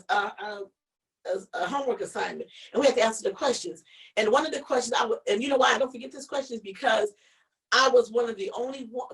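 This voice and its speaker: A woman co-hosting a casual live-stream chat, telling a story in an animated way, with many restarts and repeated words. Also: on the high side, recorded from a distance, poor audio. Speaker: show co-host.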